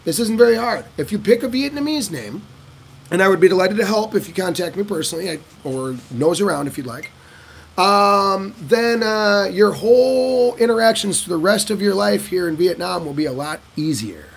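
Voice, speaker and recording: A middle-aged man giving casual advice in a Q&A monologue, animated and swearing, acting out conversations. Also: normal speed, creaky, a little hiss or hum. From United States. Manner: animated, swearing, acting out dialogues with lively shifts in pitch and pace. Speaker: vlogger giving advice on living in Vietnam.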